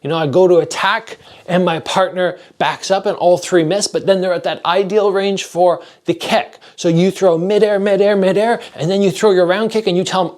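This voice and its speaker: A man's voice: high-pitched, moderate pace. A man coaching martial arts training, explaining straight to the camera in a direct, practical way and acting out strikes with sounds. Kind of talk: instructional talk to camera.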